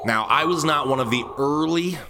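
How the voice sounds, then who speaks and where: Against a noisy background, an adult man from central Ohio hosts his podcast, rambling solo and tossing in jokey, self-mocking asides. His voice sits a little high and moves at a moderate pace.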